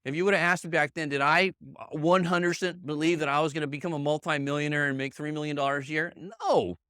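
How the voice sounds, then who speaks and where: A middle-aged man with a bright, forceful voice, a little higher than most men, driving home a motivational sales training. He hammers his points by repeating them, keeps checking in with the room, and turns to colleagues by name. The sound is close and dry. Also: fairly even intonation, fast talker, smooth, no room sound. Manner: emphatic, repeats himself, checks in with "okay?" and "right?". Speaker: sales team leader giving a training. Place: meeting room with a live audience.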